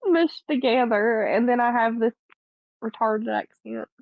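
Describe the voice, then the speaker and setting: Sleepy Appalachian woman guest, high gravelly voice, muffled lo-fi mic. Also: no room sound. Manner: halting, trailing off. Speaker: stream guest.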